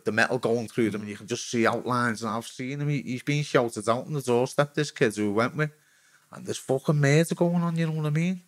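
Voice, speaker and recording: A Liverpool man in his forties tells his own story as a guest, rambling and swearing freely. His talk is frank and unpolished, at an everyday pitch for a man. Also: no room sound. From Liverpool, England. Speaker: guest, former footballer. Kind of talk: candid storytelling.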